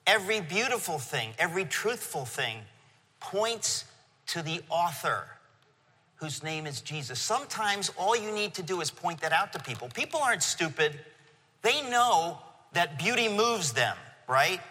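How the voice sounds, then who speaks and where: A middle-aged man preaching a sermon to a congregation, telling a story with animated emotion. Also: a little high. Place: church venue. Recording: long hall reverb.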